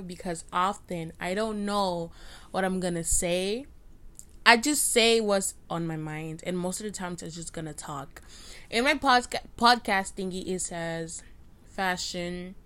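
A young woman whose first language is Spanish, hosting her own podcast and ranting in a rambling, self-mocking way, with loudness and pitch jumping often. She records on a cheap microphone. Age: late teens. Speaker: podcast host. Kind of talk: casual rant. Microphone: cheap home USB microphone.

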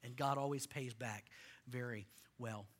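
A male pastor preaching a sermon to a congregation, impassioned, swinging from loud rallying lines to quiet earnest ones. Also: medium pitch, steady tone, measured pace.

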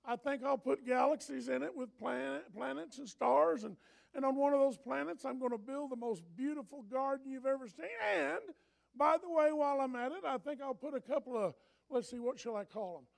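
A preacher putting on God himself, a loving and almighty old male creator, musing aloud in a grand, storytelling way. The voice sits high for a man and has a gravelly edge, and it swells up now and then into a near shout. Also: brisk.

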